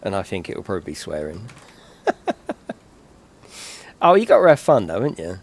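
Deep-voiced and prone to huge pitch swings, this Englishman talks at normal speed with long pauses and no echo. He's streaming a game live, chatting with viewers in a British accent full of jokes, swearing and laughter.

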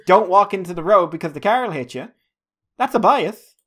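A man's voice: high-pitched, lively intonation, a little fast, a bit bright. A man co-hosting a fan podcast in casual chat, teasing his co-host with mock insults and telling stories with gusto.

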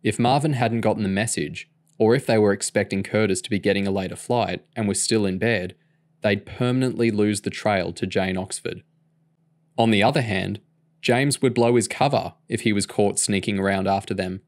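A man reading a novel aloud for listeners. His voice sits on the low side and he keeps a steady, measured storytelling pace. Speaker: audiobook reader. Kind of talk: read-aloud narration.

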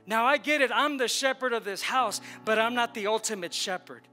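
A man with a high, bright voice preaches from the pulpit, leading the congregation in call-and-response. He drives his points home with emphatic repetition, and soft instrumental music plays under him in the church. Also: brisk. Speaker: pastor. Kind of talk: sermon. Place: church sanctuary.

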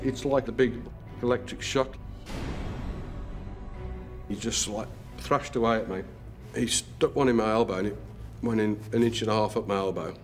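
A man recounting a stabbing in documentary testimony, plain and blunt with casual fillers. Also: fairly low pitch.

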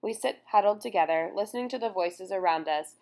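A woman reading a first-person memoir aloud in a solemn, measured way. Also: medium pitch, a little mellow. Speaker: audiobook narrator.

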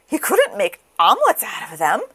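A woman reading a children's picture book aloud in a slow, expressive sing-song. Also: mid-range voice, slightly rough. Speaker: storybook reader.

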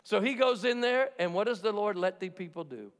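A man with a high voice preaching a sermon in a large church. He talks emphatically and jokes along the way, slipping into the voices of the people he quotes. His words ring out with a long reverb through the hall. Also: a little fast. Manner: emphatic and jokey, acts out quotes. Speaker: pastor.

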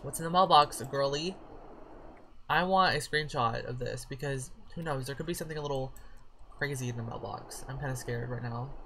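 A woman's voice: rumbling low, a little fast, pushed and bright, a little hiss or hum. A woman casually commenting on her own life-simulation game, chatty and profane, breaking into sudden shrieks of surprise. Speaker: gaming channel host. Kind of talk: casual let's-play commentary.

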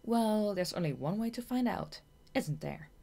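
A woman's voice: medium pitch, expressive, a little slow, gravelly, warm tone, pitched above the performer's own voice. A woman reading an audiobook, voicing a self-assured young female bat with a dry, teasing manner.

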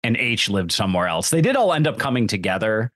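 A man with a lowish voice co-hosting a movie podcast, talking through comparisons in an explanatory, easygoing way. His recording is dry and close, with no room sound, and his pitch moves expressively. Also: very animated, quick pace, a bit bright, no echo. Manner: thoughtful, explanatory, with fillers. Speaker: podcast co-host. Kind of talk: casual movie-review chat.

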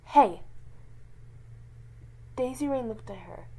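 Slow, halting woman storyteller. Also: lowish voice, steady tone, slightly rough, low-quality recording. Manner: slow, halting narration with restarts. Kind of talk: reading a roleplay story aloud.

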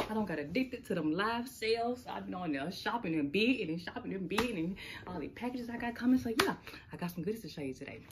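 A woman chatting casually to camera while unboxing packages, laughing often. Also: mid-range voice. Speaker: unboxing vlogger. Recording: noisy home recording.

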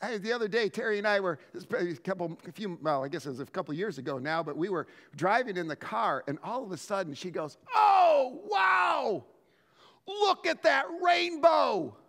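High, animated male pastor preaching. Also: fast, hardly any pauses, big-room sound. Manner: animated storytelling with frequent word restarts. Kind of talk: sermon.

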